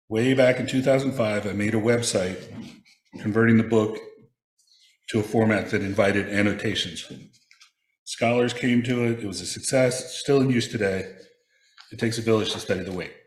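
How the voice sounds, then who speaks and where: A man reading a prepared personal reflection aloud, telling stories in a measured way with touches of wry humor. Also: lowish voice, echoey room. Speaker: speaker sharing a personal reflection.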